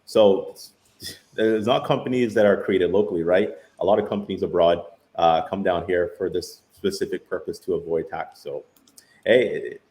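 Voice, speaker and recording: A man's voice: low-pitched, normal speed, darkish tone. A man speaking as a panelist in a casual live-stream discussion, laid-back and hesitant, with many fillers. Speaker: round table panelist.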